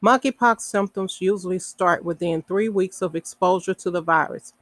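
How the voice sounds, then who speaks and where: Woman podcaster reading off health info, slow and careful, lots of ums, stops to chat a bit. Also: lowish voice, fairly bright tone, low-quality recording. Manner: reads slowly with fillers and self-corrections; adds casual asides. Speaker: podcast host. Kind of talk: reading health information aloud.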